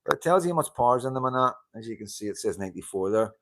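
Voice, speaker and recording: A man's voice: medium pitch, expressive, racing, background noise. A man hosting a casual live-stream chat, greeting viewers, laughing often and swearing casually into a handheld mic. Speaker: livestream host. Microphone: handheld wireless mic.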